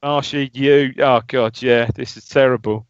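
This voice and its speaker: A man's voice: medium pitch, fairly even intonation, measured pace, clean tone, no room sound. A man co-hosting a casual football podcast, chatty and jokey, often restarting his sentences. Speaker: podcast co-host. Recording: dry, dull lo-fi sound.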